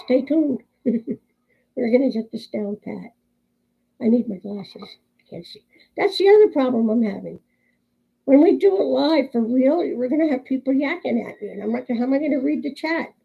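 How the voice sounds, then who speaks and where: A woman's voice: high-pitched, animated, normal speed, gravelly, pauses often, husky, dull audio. A woman in her sixties chatting casually on her vlog, telling family jokes and laughing often. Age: 60s. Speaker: crochet vlogger. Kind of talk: casual chat and joke storytelling.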